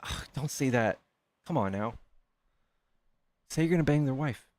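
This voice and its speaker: Excitable man hosting a livestream, dry sound. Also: mid-range voice, normal speed, no room sound. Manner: excitable, reads donations aloud. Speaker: livestream host. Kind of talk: casual livestream chat.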